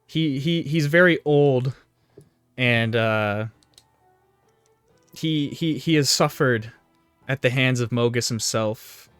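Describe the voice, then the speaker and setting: A man's voice: medium pitch, takes it slowly, long pauses, a bit bright, clean tone, dry recording, faint music behind. Laid-back man running a tabletop game. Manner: easygoing, hesitant with fillers. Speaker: dungeon master.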